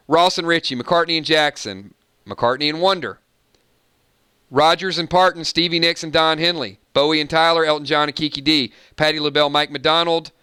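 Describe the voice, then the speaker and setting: A man's voice: on the high side, smooth, dry recording, studio quality. A man hosting a casual live stream, playfully singing song snippets between chat with viewers. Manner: sings snippets of songs, playful and animated. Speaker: livestream host.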